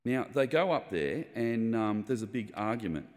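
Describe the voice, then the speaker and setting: A man's voice: medium pitch, moderate pace, big-room sound. A man preaching a sermon, explaining scripture in a conversational way. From Australia. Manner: conversational, explanatory, with lively retold quotes.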